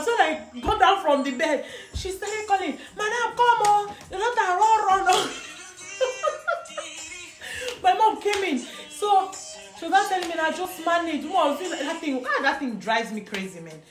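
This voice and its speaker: A Nigerian woman telling a personal story in casual, animated talk, laughing often and mixing in pidgin. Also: very high-pitched. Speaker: vlogger. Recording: echoey room with music behind.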